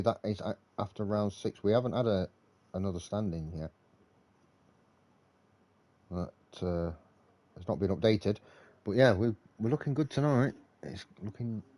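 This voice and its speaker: A man calls a racing league live in a low, mellow voice, keeping it relaxed and chatty and thinking out loud between updates. His pace is moderate and he pauses often.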